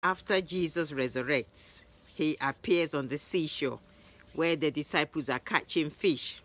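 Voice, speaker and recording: A woman narrating Bible stories in a lively retelling, raising her voice for the quoted lines. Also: deep voice, unhurried. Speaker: Bible storyteller.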